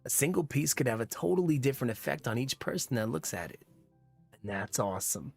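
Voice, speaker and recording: A man's voice: mid-range voice, big pitch swings, fairly quick, vocal fry, soft background music. A man voicing a laid-back, easygoing suburban dad who calls people bro.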